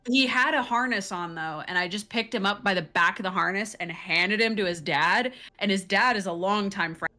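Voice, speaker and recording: Bright-voiced woman telling casual stories. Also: medium pitch, moderate pace. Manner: swearing, laughing storyteller. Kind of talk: casual chat.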